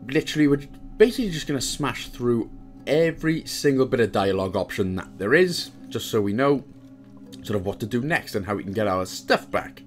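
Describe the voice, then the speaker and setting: A man from Wales giving casual, joke-filled commentary as he walks through a video game guide. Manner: chatty, jokey asides, lively pitch swings.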